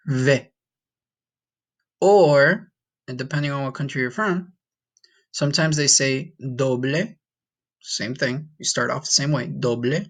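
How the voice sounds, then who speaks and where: A man's voice: medium pitch, fairly bright tone. A man teaching a recorded Spanish lesson, patiently repeating each sound and encouraging the listener.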